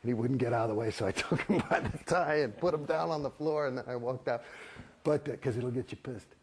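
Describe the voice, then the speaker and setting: A man's voice: medium pitch, fast talker, breathy edge. A man giving a candid interview, talking in an emphatic, profane, rambling way with many restarts. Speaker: interviewee, former church member.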